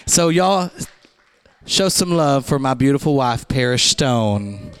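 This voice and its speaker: Slow-talking man at the pulpit. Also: medium pitch, expressive. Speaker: pastor introducing the speaker. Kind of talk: church introduction.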